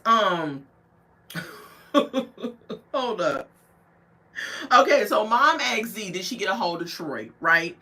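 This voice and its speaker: A woman talking in a high, bright voice as she recaps a reality show. Her pitch swings widely while she retells the drama in a gossipy, outspoken way. She passes blunt judgment on the people in the episode in a casual commentary. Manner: animated, gossipy storytelling with acted-out quotes. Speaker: TV show reviewer.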